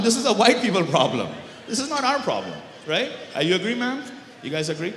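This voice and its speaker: A high, bright-voiced man from Pakistan doing an animated stand-up set, teasing the audience and mixing in Urdu. His voice carries the long echo of a big banquet hall. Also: very fast, slight background noise. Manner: animated, banters with the crowd, switches between English and Urdu. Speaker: stand-up comedian. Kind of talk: stand-up comedy.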